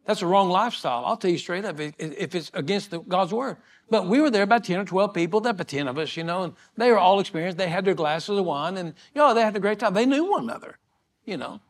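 An older male pastor preaching a sermon, telling a folksy story in a relaxed, repetitive way with chuckles. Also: high-pitched, fast.

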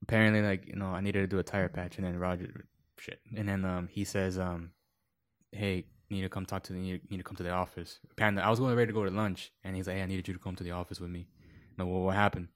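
A man's voice: low voice, flat delivery, fast. A man telling long work stories in casual chat, rambling with many fillers and acting out quoted voices. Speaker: podcast guest.

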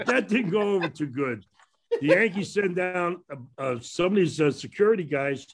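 This older former ballplayer, Brooklyn accent and all, laughs at his own rambling stories about his past as he tells them casually on a panel. His animated voice sits high, moves at a moderate pace, and has a breathy edge.

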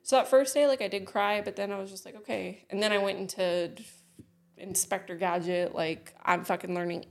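A woman's voice: medium pitch, fairly even intonation, moderate pace, vocal fry. Woman podcast cohost, blunt and sweary, just chatting. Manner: blunt storytelling, frequent swearing. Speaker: podcast co-host. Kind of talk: casual chat.

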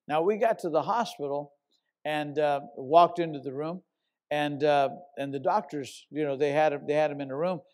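An older man preaching with a voice pitched a little above the usual for men. He tells his story in a loose, conversational way, then suddenly climbs into loud, emphatic shouts. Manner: animated storyteller, bursts into loud shouts when quoting himself. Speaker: pastor. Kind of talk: sermon storytelling.

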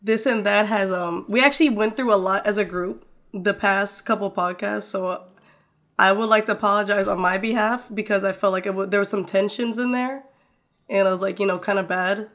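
A woman's voice: mid-range voice, fairly even intonation, a little fast, fairly bright tone. A woman hosting a casual podcast among friends on a remote call, loose and joking, laughing often and swearing casually. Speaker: podcast host.

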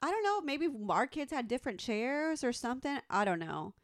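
A woman in her thirties telling a story in casual chat, animated and profane, acting out the quotes. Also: high-pitched, brisk, dry recording, studio quality. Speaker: podcast co-host.

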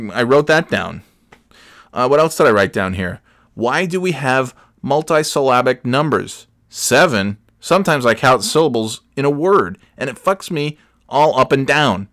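A man's voice: mid-range voice, fairly bright tone, dry recording, clean studio sound. A man in his forties hosting a solo comedy podcast, rambling from one tangent to the next, cursing and restarting his sentences. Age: 40s. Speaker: podcast host.

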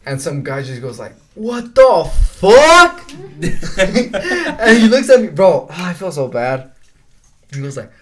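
A man's voice: a little high, wildly swooping pitch, a little slow, pauses often, fairly bright tone. A young man telling laid-back stories on a podcast, swearing often, saying "bro" a lot and laughing as he goes. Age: young adult. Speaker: podcast co-host. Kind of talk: casual storytelling chat.

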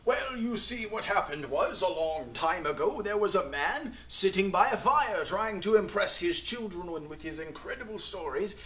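A man playing a smug male professor who talks slowly and condescendingly, explaining away scripture as old stories. The voice sits higher than his own and is heard in a roomy, echoey space. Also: expressive, a bit bright. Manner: slow, lecturing, condescending.

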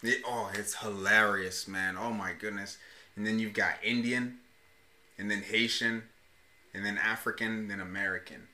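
Laid-back bright-voiced male podcast host. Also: lowish voice, fairly even intonation, moderate pace. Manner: laid-back, says "man" often. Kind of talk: casual chat. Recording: roomy echo.

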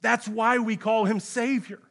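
A man, a pastor, preaching a sermon in a church, speaking straight to his listeners with rhetorical questions and swinging between hushed, grave passages and raised, urgent ones. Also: very high-pitched, steady tone, unhurried, vocal fry.

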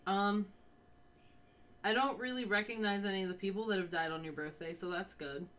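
A woman's voice: medium pitch, steady tone, brisk, fairly bright tone. A young woman co-hosting a casual, unscripted podcast, chatty and rambling, laughing often and talking through the hiccups. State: has the hiccups. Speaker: podcast co-host.

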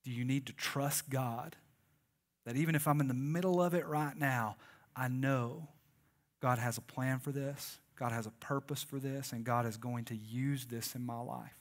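A man's voice: medium pitch, fairly even intonation, moderate pace. A man preaching a sermon, conversational and joking and calling on the congregation to respond. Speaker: pastor.

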